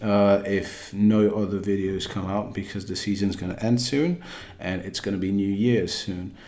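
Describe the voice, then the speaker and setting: A man's voice: lowish voice, fairly even intonation, normal speed, darkish tone. A man doing a put-on British accent, giving a rambling opinion monologue about a game, full of fillers and restarts. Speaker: gaming video creator.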